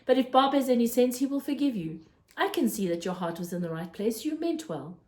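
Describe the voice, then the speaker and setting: A woman's voice: a little high, lively intonation, a little fast, pitched above the performer's own voice, close to an everyday voice. A woman reading as a kindly fussy shopkeeper. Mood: gentle. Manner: gentle, fatherly, earnest. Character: kindly fussy middle-aged male newsagent. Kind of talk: storybook read-aloud.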